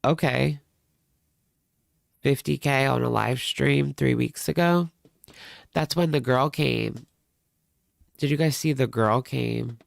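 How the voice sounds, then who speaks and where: A man's voice: medium pitch, slow, creaky, pauses often, dry recording, clean studio sound. A man hosting a reaction livestream, chatting casually with viewers in a rambling way.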